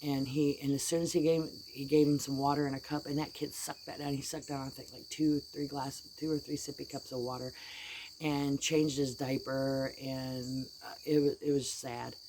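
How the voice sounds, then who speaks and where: A woman's voice: rumbling low, level tone, moderate pace, dark tone, slight background noise. A middle-aged woman with a drawl, venting to her viewers in a blunt, heated, folksy way. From United States. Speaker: vlogger. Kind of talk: casual venting vlog.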